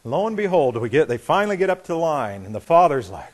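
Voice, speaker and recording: Middle aged guy pastor preaching, chatty and lively, does little voices for the people in his story. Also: a little high, quick pace, few pauses. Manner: conversational, animated, acts out quotes. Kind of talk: sermon with storytelling.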